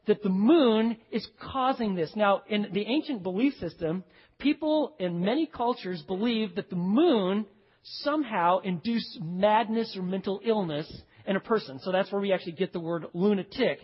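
A male pastor preaching a sermon, emphatic, dropping to hushed low phrases and speaking straight to his congregation. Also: animated, moderate pace, husky. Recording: dull recording with long hall reverb.

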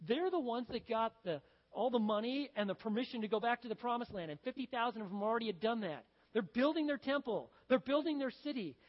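A man's voice: very high-pitched, animated, fast. A male pastor preaching a sermon in a conversational, storytelling way, acting out the scenes he describes. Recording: dull sound with long reverb.

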